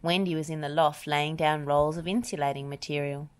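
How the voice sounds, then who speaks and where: A woman narrating a children's story aloud in an expressive, animated way. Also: deep voice, normal speed, few pauses.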